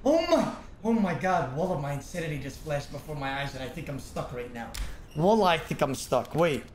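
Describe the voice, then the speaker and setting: Excitable streamer man prone to yelling. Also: fairly high pitch, a little fast. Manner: excitable, bursts into loud yelling and laughter; talks to himself and to chat. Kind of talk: live game streaming commentary.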